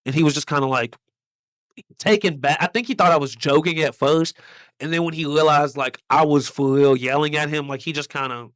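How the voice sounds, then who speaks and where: Profane, rambling man with a high voice. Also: a little fast, fairly bright tone, no room sound, studio quality. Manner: rambling, profane, many "like" fillers. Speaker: podcast host and comedian. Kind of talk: casual podcast storytelling.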